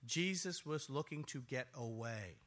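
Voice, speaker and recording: A man preaching a sermon, telling the story with animated storytelling and acting out voices. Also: mid-range voice, unhurried. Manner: animated storytelling, acts out voices, laughs often. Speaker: pastor.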